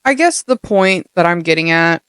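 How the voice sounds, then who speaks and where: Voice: mid-range voice, animated, normal speed, fairly bright tone, clear, resonant tone, no room sound, clean studio sound. A young adult podcast host giving a casual motivational monologue, blunt and heavily profane, full of streetwise slang.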